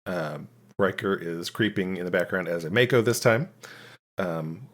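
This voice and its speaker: A man with a fairly low voice walks through an episode recap in casual podcast chat. He talks loosely, full of ums and restarts, narrating each scene. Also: moderate pace, a bit bright. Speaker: podcast co-host.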